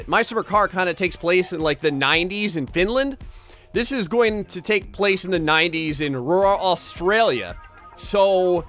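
A man's voice: sits high, fairly bright tone. A young man doing casual, jokey gameplay commentary, rambling and talking straight to his viewers. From New Jersey, United States. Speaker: gaming YouTuber.

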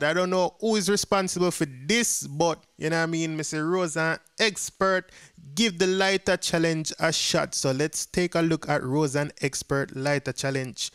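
A man's voice: fairly high pitch, fairly even intonation, moderate pace, a bit bright, clean tone, no room sound, studio quality. A man with a Jamaican accent giving a casual commentary to viewers, chatty and mixing patois with English. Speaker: dancehall gossip vlogger.

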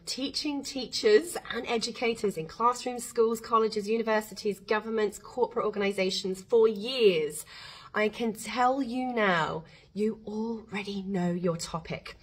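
A woman's voice: mid-range voice, breathy edge, rough recording. A middle-aged woman course creation coach talking to camera in a chatty, emphatic way, acting out the lines of other people as she goes. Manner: chatty, emphatic, acts out quoted speech.

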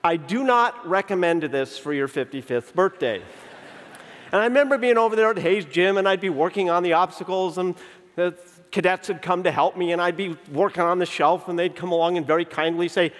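Man in his fifties giving a keynote in a reverberant hall. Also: high-pitched. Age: 50s. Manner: animated storyteller who acts out dialogue and slows down for emphasis. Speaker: keynote speaker. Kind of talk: conference keynote storytelling. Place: large conference venue. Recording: long reverb of a big hall.

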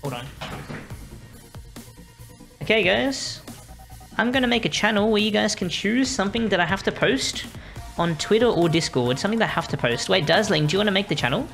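A woman's voice: medium pitch, expressive, a little fast, gravelly, pauses often, fairly bright tone, faint music behind. A young Australian woman streaming a game, chatting to her viewers in a rambling, apologetic way. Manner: rambling, apologetic, talking to chat while playing. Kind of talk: casual live-stream chat.

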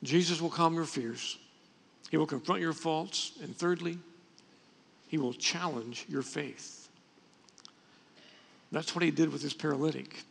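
A man's voice: on the high side, a little slow, vocal fry, long pauses, breathy edge. A man preaching a sermon as pastor, in a conversational way with frequent restarts. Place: church sanctuary. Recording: long reverb from a church hall.

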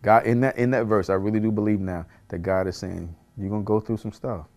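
A man's voice: fairly low pitch, fairly even intonation, fairly quick, darkish tone. A man, a pastor, teaching a Bible study in an earnest way, repeating phrases for emphasis and chuckling at himself.

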